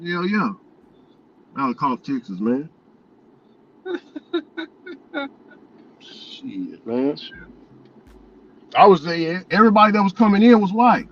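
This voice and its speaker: A man's voice: sits high, sing-song, slow pace, pauses often, lo-fi sound. A man vlogging as a delivery driver, chatting casually and telling loose, profane stories with frequent laughs. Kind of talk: casual chat.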